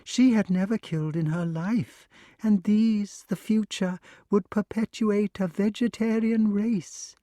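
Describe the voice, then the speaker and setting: A man narrating an unabridged audiobook with measured, expressive storytelling. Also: high-pitched, no room sound.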